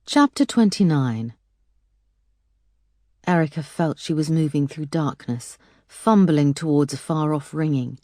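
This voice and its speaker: Low-voiced woman narrating a thriller. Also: animated, mellow, dry recording, clean studio sound. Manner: measured, dramatic. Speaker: audiobook narrator.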